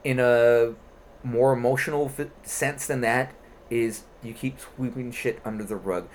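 A man in casual chat, excitedly retelling a comic book story with lots of swearing. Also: medium pitch, measured pace, slight background noise. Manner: animated, profane storytelling.

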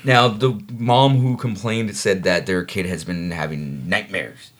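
A man's voice: low voice, a little slow. A man hosting a casual podcast, reading odd news stories aloud in a laid-back, crude way. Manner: laid-back, says dude a lot. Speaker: podcast host.

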